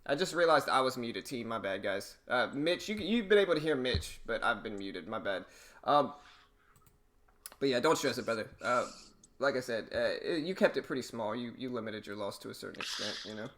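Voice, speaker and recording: A man hosting a live day-trading stream, thinking aloud in a relaxed, halting way, his voice a bit hoarse. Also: mid-range voice. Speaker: stream host, day trader.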